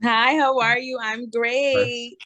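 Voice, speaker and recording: A woman in her twenties with a New Jersey accent, chatting as a podcast guest and telling her story in a lively way. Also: fairly high pitch, slow pace, no room sound, dull audio. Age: 20s. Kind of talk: casual interview.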